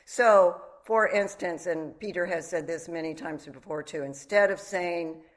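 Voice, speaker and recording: A woman's voice: lowish voice, measured pace. A middle-aged woman giving a meditation talk, reflective and candid, mixing teaching with personal stories. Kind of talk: dharma talk.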